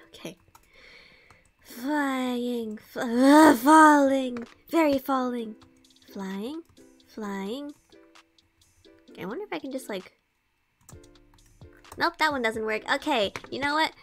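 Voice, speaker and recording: A woman's voice: sits high, takes it slowly, pauses often, faint music behind. A woman streaming a game, chatting in a playful, giggly, mock-dramatic way. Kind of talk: casual gaming stream chat.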